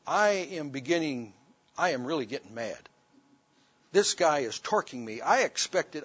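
A man's voice: a little high, husky, no echo. A man preaching, telling a personal story in an emphatic sermon testimony, on a dull lo-fi recording.

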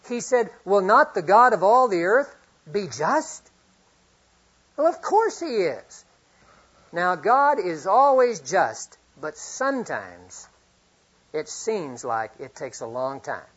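Husky middle-aged preacher man. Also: high voice. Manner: earnest, swings from loud to hushed; reads scripture aloud often. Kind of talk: sermon. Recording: dull lo-fi recording.

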